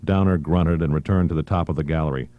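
A man reading a thriller audiobook in a measured, even narration. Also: extremely low pitch, phone-quality sound.

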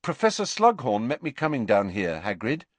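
A man voicing a calm, tactful teenage schoolboy in a gentle, reassuring way. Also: medium pitch, moderate pace, no echo.

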